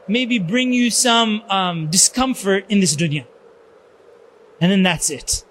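A man giving a religious lecture, telling stories in an animated way and peppering his talk with Arabic religious phrases. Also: high-pitched, moderate pace, slight background noise. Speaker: Islamic lecturer.

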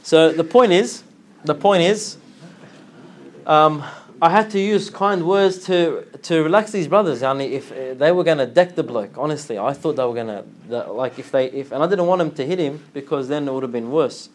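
A man giving an informal religious talk, telling a story with lively acted-out dialogue and frequent laughter. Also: fairly high pitch, moderate pace. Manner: animated storytelling, acts out dialogue, laughs often. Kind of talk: informal religious lesson with anecdote.

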